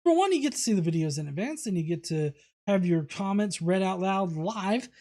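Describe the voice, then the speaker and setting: A man's voice: sits high, animated, fairly quick, warm tone. A man hosting a livestream, casually reading viewer comments aloud with many fillers and restarts. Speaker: host.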